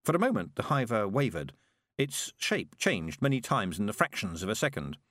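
A man narrating an audiobook with expressive storytelling. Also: on the low side, normal speed, no echo, clean studio sound. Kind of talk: scripted narration.

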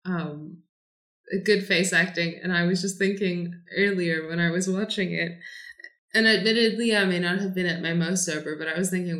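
Bright chatty woman on a podcast, echoey room, lots of likes and ums. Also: fairly low pitch, fairly even intonation, moderate pace. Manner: laughing, playful, lots of fillers. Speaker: podcast co-host. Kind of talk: casual chat.

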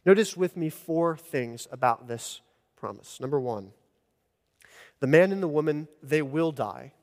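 A man's voice: fairly high pitch, animated, a little slow. A man preaching an earnest expository sermon as pastor, rising in emphasis at key points. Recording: long church reverb.

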